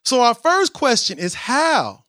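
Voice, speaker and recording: A man hosting a podcast in a casual, animated way, mocking himself as he tries to rap and then explaining with preacherly emphasis. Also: very high voice, unhurried, no room sound, clean studio sound. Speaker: podcast host. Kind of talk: casual podcast intro with attempts at rapping.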